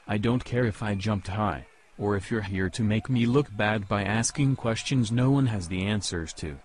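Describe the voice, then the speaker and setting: A man's voice: fairly low pitch, moderate pace, close to an everyday voice. A man playing a brash basketball star at a press conference, dismissive and full of "yo" and "man", in an amateur comedy skit. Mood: irritated. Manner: dismissive, peppers talk with "yo" and "man".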